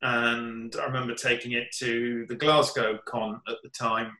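A man's voice: medium pitch, flat delivery, measured pace, bright, forceful tone. Rambling English man in a roomy echo. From England. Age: 50s. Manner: rambling, full of ums and restarts. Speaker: comic artist guest. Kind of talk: casual chat.

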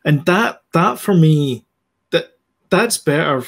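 A man's voice: fairly high pitch, expressive, slow pace, gravelly. A man co-hosting a casual podcast chat, talkative and detailed, restarting his sentences often. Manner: chatty, many fillers and restarts, explains details. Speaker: podcast co-host.

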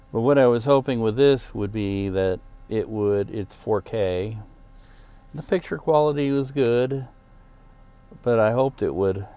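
A man talking casually to his handheld camera for a vlog, rambling and halting with lots of fillers. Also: lowish voice, mellow. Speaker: vlogger. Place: outdoors in wind, on the move. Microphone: action camera on a handheld gimbal.

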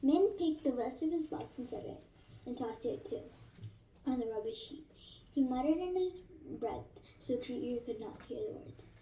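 A woman reading a novel aloud in a steady voice, with small slips she corrects. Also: high-pitched, normal speed, recorded from a distance, a little hiss or hum. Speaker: narrator. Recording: echoey room, voice off-mic.

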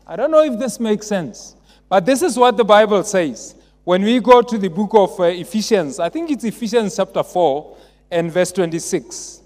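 A man preaching a sermon as pastor, asking the congregation call-and-response questions and rising to emphatic shouts. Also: high-pitched. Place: large church. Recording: long church reverb.

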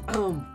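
A hoarse man hosting casual let's-play commentary, venting dramatically and animatedly on a voice call. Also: very high voice, sharp tone. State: hoarse, sore throat. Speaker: main host of a gaming channel.

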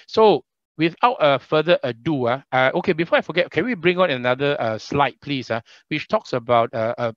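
A man's voice: on the high side, expressive, a little fast, fairly bright tone, dry recording, muffled recording. A Singaporean man hosting an online political rally over a video call, chatty, with many fillers and repeats. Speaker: rally emcee.

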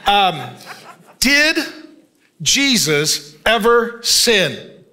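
A lively male pastor preaching in a church, and his voice sits high and sounds bright. He reads scripture and jokes with the congregation, breaking into quick voices for the people in the story. He sounds middle-aged. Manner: animated, jokey, acts out voices in the story. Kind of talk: sermon.

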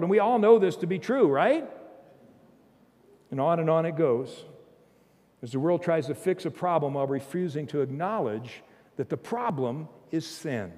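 Emphatic high-voiced preacher in a reverberant church. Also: male voice, expressive, moderate pace, long pauses. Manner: emphatic preaching, swings from loud bursts to low intensity; humorous asides with chuckles. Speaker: pastor. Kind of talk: sermon. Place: church sanctuary.

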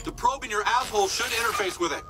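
An actor playing a nerdy male helper giving quick, offhand directions over a radio. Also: high voice, music in the background, close to an everyday voice. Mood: guiding.

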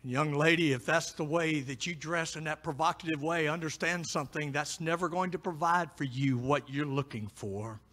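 A middle-aged pastor preaching a sermon, moving between quiet pleading and loud, emphatic preaching. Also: male voice, fairly high pitch, moderate pace, few pauses.

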